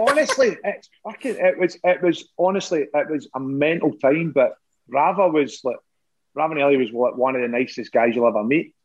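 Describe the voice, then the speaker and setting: A man's voice: fairly high pitch, animated, normal speed, husky, muffled recording. A man with a Scottish accent, a former footballer, telling swearing, laughing anecdotes in casual chat.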